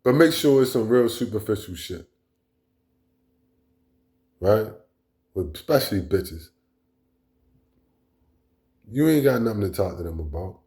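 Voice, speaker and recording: A man's voice: fairly low pitch, lively intonation, measured pace, pauses often, a little mellow. A man delivering a blunt, profane, rambling monologue as a vlog host. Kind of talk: casual monologue rant.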